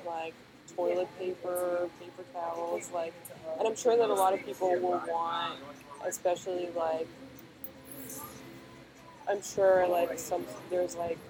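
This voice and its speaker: A young woman chatting casually, rambling and filling her talk with pauses and fillers. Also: on the low side. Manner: rambling, filler-heavy storytelling. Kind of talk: casual chat. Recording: noisy background.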